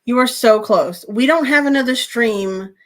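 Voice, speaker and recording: Co-host lady, kinda high voice, chill and encouraging. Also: a little slow, fairly bright tone. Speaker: livestream co-host. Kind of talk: casual chat.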